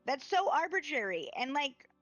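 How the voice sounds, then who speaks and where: Animated, swearing woman at a game table. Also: high voice, no echo, soft background music. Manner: animated, swearing, quick asides. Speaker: player. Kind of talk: tabletop role-play, casual and profane.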